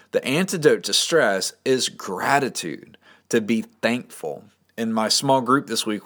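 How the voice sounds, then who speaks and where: Male pastor, slightly deep, friendly upbeat devotional delivery. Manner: upbeat, encouraging, conversational. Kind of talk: short devotional podcast message.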